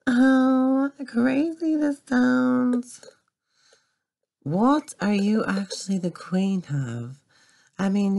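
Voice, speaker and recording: A woman doing a shrill trapped girl. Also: gravelly, background noise, heavily acted. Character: panicky young woman trapped by a queen. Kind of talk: homemade comic skit.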